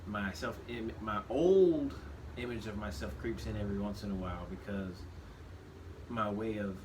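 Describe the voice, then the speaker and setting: A man in his thirties talking casually on a podcast. He speaks reflectively, restarts his sentences often and gets animated when he quotes himself. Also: lowish voice, normal speed. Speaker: podcast co-host. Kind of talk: casual conversation. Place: shop. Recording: steady background noise.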